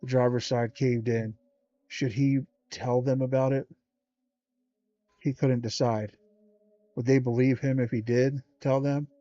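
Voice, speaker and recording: A man's voice: medium pitch, a little slow, pauses often. A man hosting a livestream, reading a children's horror book aloud with small stumbles along the way. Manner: steady read-aloud with small stumbles and slangy asides. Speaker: livestream host. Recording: dull lo-fi stream audio.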